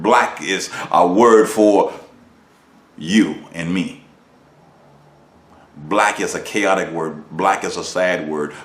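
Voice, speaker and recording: A minister preaches a lesson emphatically, posing rhetorical questions and swinging widely in pitch and volume. The recording has a roomy echo.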